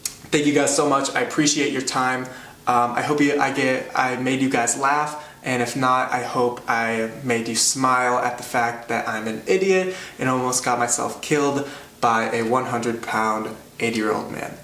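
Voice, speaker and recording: A man tells a stand-up story, rambling and poking fun at himself with plenty of fillers. His voice sits at a middling pitch. It bounces around a roomy space, picked up from a distant mic over a faint background hum. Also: steady tone, moderate pace, bright, forceful tone. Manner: rambling, self-deprecating, filler-heavy. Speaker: comedian, storyteller.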